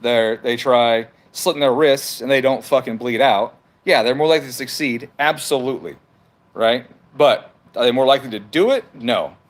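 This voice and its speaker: A man streaming from his home, reading viewer comments aloud and firing back at them. His talk is argumentative and full of swearing, in a mid-pitched voice. It is a loose, heated livestream rant. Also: normal speed. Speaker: livestream host reading chat.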